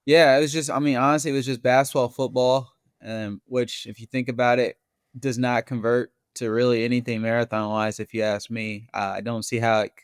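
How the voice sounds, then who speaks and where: A man's voice: medium pitch, a little fast, clear, resonant tone, dry recording, clean studio sound. Easygoing man telling a running story. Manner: relaxed storyteller, laughs easily. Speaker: guest marathon runner. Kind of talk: casual interview chat.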